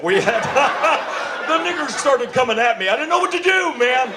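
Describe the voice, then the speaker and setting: A man's voice: extremely high pitch, very animated, moderate pace, heavy background noise. A man doing a stand-up comedy set on a club stage, brash and profane, slipping into mocking voices. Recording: live club with loud crowd laughter.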